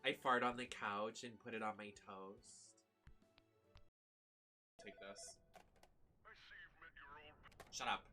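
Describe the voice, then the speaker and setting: A man giving live commentary on a video game, excitable and profane, shrieking when thrilled. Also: fairly low pitch, slow pace, pauses often. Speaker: streamer. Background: faint game music.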